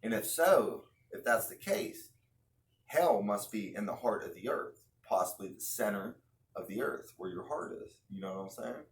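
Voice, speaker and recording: A man's voice: on the low side, lively intonation, normal speed. A man in casual religious commentary, talking earnestly and slangily, with rhetorical questions and restarts. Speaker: online video host.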